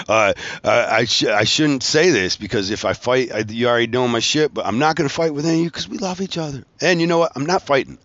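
A man's voice: mid-range voice, fairly bright tone, no echo, highs cut off. A man hosting his own show, telling a rambling, profane story with frequent laughs. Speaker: podcast host, tattoo artist. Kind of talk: casual storytelling monologue.

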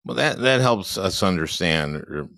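A man hosting an interview, asking questions in a folksy, halting way with plenty of 'uh'. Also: sits low, expressive, gravelly, sharp tone, no echo, studio quality. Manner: hesitant, folksy, many 'uh' pauses. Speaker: podcast host.

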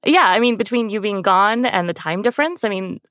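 A woman's voice: mid-range voice, lively intonation, a little fast, a bit bright, dry recording, clean studio sound. A woman co-hosting a podcast, who reads a sponsor spot and teases her co-host in casual chat. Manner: playful, teasing.

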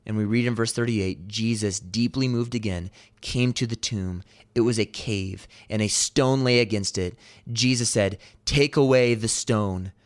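A man preaching a sermon, earnest and emphatic, slowing down on key lines. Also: on the low side, steady tone. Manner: earnest, emphatic, slows for weight.

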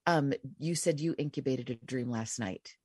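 A woman with a low, husky voice chats as host, telling a story with lively energy and acting out the quotes. The sound is dry and close, with no room around it. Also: moderate pace, dry recording. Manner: animated storyteller, acts out quotes. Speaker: show host. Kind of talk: casual chat.

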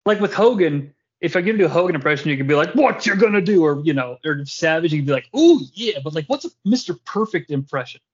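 A man's voice: a little high, quick pace, few pauses, slightly rough. Jokey man recapping wrestling, lo-fi sound. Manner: animated, jokey, swears casually. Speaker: podcast host. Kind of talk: casual wrestling recap chat. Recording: dull lo-fi podcast audio.

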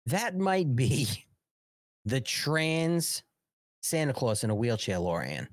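A man's voice: medium pitch, big pitch swings, slow, dry recording, studio quality. A middle-aged man hosting a live political commentary show, ranting in a mocking, sarcastic way, swearing and laughing often.

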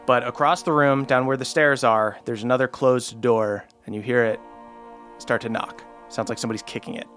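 Bright-voiced male game master. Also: medium pitch, fairly even intonation, fairly quick, soft background music. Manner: descriptive, laid-back, frequent "uh". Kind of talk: narrating a tabletop game.

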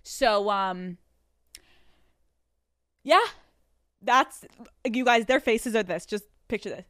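A woman hosting a solo podcast in a studio, telling a story in an animated, profane way. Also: medium pitch, slow, smooth, dry recording. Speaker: podcast host.

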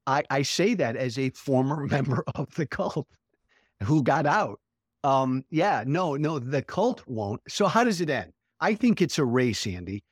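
A man's voice: mid-range voice, lively intonation, a little slow, breathy edge, dry recording, studio quality. A man speaking as a guest in a casual political chat, blunt and profane, laughing often.

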